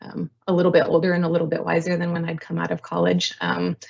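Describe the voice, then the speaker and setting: A woman's voice: on the low side, completely flat delivery, quick pace, vocal fry. A woman in her thirties, a guest on an interview show, telling her career story in a chatty, self-deprecating way with many ums. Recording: slightly dull lo-fi audio.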